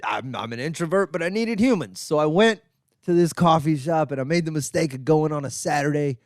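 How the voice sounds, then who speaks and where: A middle-aged comedian host tells a self-mocking, profane story at a slightly quick clip, voicing the people in it with big pitch jumps. It's an animated storytelling monologue, recorded dry at studio quality.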